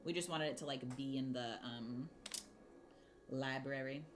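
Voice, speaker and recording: A woman's voice: very deep voice, measured pace, background noise. A woman hosting a crafting livestream, chatting casually and rambling while she answers her chat. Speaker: livestream host.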